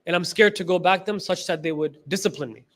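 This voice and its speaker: A high-pitched man with a fairly bright tone talks fast while giving a class lecture as a religious teacher. He is emphatic, repeats key phrases, and retells stories with quoted dialogue.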